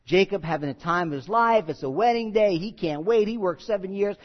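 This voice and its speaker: A man's voice: sits high, brisk. A male pastor preaching a sermon in a folksy, joking way that turns earnest and emphatic. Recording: slightly muffled recording.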